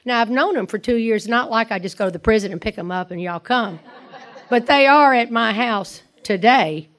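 A woman with a Southern US accent sharing her personal story at a recovery meeting, in a lively, rambling storytelling way. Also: fairly high pitch, brisk. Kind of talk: personal testimony to a group.

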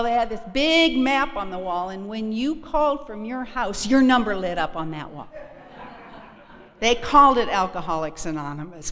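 A woman's voice: on the high side, a bit bright. Wry woman telling a story in a hall. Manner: wry, frank and confiding. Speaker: speaker sharing a recovery story. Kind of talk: storytelling to a live audience. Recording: echoey hall.

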